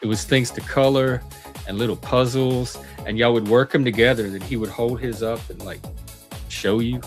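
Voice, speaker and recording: Over soft background music, a middle-aged man hosting his channel reminisces in a casual monologue. His voice is medium-pitched and fairly even at normal speed. He's chatty and rambling, often cutting himself off mid-sentence.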